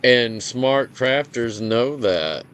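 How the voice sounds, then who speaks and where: A man's voice: mid-range voice, animated, extremely slow, fairly bright tone, clean tone. A man hosting a gaming channel, reading out game details in casual commentary, blunt and profane, often stumbling over numbers and restarting. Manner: blunt, profane, complains openly.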